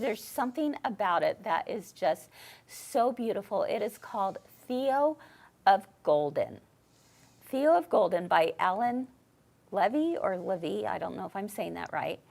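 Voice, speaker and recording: A woman's voice: mid-range voice, animated, unhurried, vocal fry. A woman hosting a live shopping show, gushing with bubbly enthusiasm as she shows off new products. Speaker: host.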